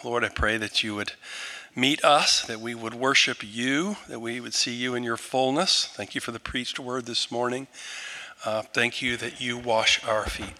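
Male pastor praying for a guest, earnest and halting, bright tone, echo trailing in a big hall. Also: mid-range voice. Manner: earnest, halting prayer with fillers. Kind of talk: sermon and prayer.

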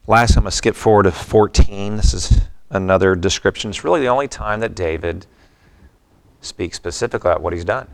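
A man's voice: deep voice, a little fast. A middle-aged man preaching a sermon in a reflective, conversational way, mixing scripture with personal stories. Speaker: pastor.

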